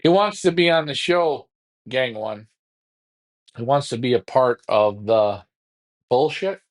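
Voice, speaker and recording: A man hosts a casual live show, his voice sitting at an ordinary middle pitch. He trash-talks in a taunting, repetitive way, circling back to the same jabs. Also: animated, slow pace. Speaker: pigeon racing show host. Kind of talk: casual livestream talk.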